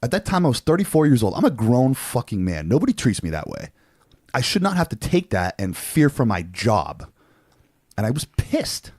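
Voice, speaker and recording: A man in his forties, co-hosting a podcast, telling a story in a casual, animated way with lots of swearing and fillers. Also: lowish voice, dry recording, studio quality. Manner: animated, profane, frequent fillers. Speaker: podcast co-host.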